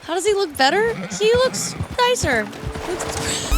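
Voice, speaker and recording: A woman streaming a game, chatting casually with viewers and reacting loudly. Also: extremely high pitch, very animated, a little slow, over loud music. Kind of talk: casual gameplay commentary.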